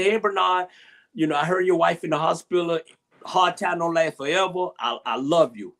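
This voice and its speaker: A middle-aged man telling a personal story as an interview guest on a video call, emotional, repeating himself and restarting often. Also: fairly high pitch.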